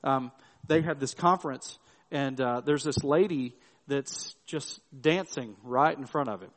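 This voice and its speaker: A man's voice: medium pitch, a little slow, in a large hall. A middle-aged male pastor giving a sermon in a loose, storytelling way, with restarts and frequent tag questions.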